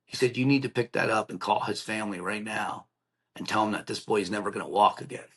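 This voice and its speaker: A man's voice: on the low side, a little fast, a bit bright, slightly rough. A middle-aged man, a podcast guest, telling an emotional personal story in a plainspoken, earnest way, acting out the voices of the people in it. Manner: acts out quoted dialogue, earnest and plainspoken.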